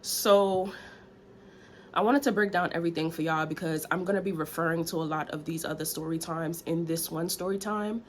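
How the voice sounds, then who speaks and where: A woman talks to her viewers in a candid, sassy story time chat. Her voice sits a little low, and she sounds a bit out of breath. There is a faint hiss behind her. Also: fairly even intonation, normal speed. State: slightly out of breath. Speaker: vlogger.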